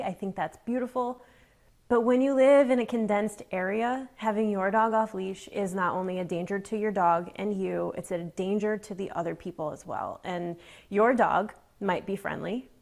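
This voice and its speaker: A woman pet expert in casual chat, speaking emphatically and backing her co-host with frequent agreement. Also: mid-range voice. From Southern California. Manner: emphatic, lots of affirming mm-hmms.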